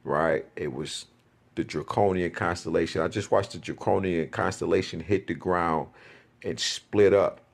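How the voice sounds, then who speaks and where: A man's voice: low-pitched, steady tone, a little slow, gravelly. A man telling a spiritual experience in a rambling, profane, casual way, often repeating himself.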